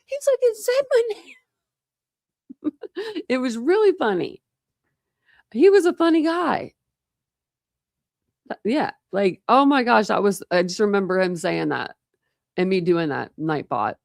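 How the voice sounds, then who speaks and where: A woman's voice: medium pitch, expressive, unhurried, vocal fry, pauses often, no echo, studio quality. A woman hosting a true crime livestream, chatting casually with viewers in a rambling way. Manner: rambling and chatty, with many fillers and restarts.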